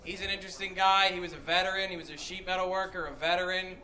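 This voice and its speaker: A young man telling a stand-up story, animated, jumping into loud high voices for the people in it. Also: fast, rough recording. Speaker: stand-up comedian. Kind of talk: stand-up comedy set. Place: comedy club stage. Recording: live club with crowd laughter. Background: audience laughing.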